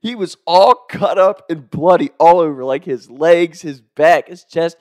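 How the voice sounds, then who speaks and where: A man's voice: a little high, a little slow, no echo, studio quality. A man casually telling a funny story, chuckling as he goes and swearing freely. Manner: chuckles through the telling, profane, animated.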